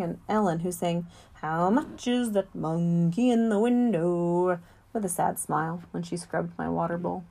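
Woman audiobook reader, calm and measured storybook narration. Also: on the low side, creaky, breathy edge.

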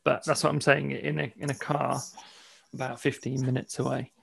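Croaky gravelly middle-aged Englishman. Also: mid-range voice, level tone, moderate pace. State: losing his voice, croaky. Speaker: podcast host. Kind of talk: casual chat.

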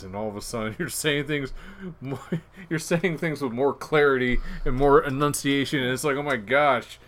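A man hosting a casual podcast, joking and teasing his co-host. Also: mid-range voice. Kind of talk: casual chat.

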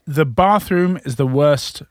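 A man's voice: on the high side, slow, dry recording, clean studio sound. A man co-hosting a podcast, chatting casually and chiming in with reactions and questions. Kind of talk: casual chat.

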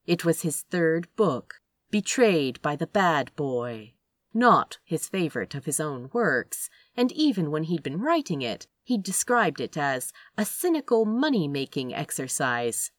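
A woman reading a story aloud in expressive, measured audiobook narration. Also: low voice, no room sound, studio quality. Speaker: reader.

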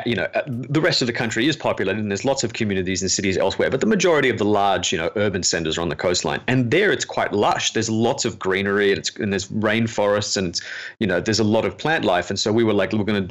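Low-voiced man telling stories. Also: a bit bright. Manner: earnest, storytelling, self-deprecating humor. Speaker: film director, guest. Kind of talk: casual interview chat.

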